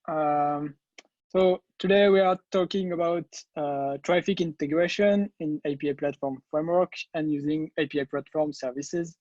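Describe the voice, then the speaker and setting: French-accented man, webinar presenter, mellow dry tone, dull lo-fi call audio. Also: fairly high pitch, dry recording. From France. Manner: hesitant, many "uh" fillers. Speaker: guest presenter, developer.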